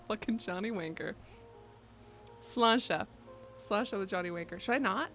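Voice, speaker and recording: A woman's voice: mid-range voice, measured pace, fairly bright tone, faint music behind. A young woman streaming from her bedroom, rambling, joking and swearing a lot as she chats. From United States. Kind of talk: casual live-stream chat.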